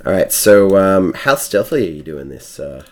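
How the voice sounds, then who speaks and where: Deep-voiced hesitant male game master. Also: very animated, normal speed, darkish tone. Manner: hesitant, many fillers. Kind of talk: running a tabletop game.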